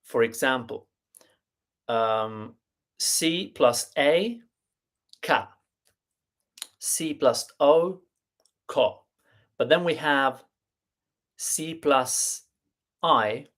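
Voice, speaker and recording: A man teaching a live online language lesson, explaining deliberately with fillers and restarts and spelling out letters and sounds one by one. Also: medium pitch, fairly bright tone. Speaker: Italian teacher.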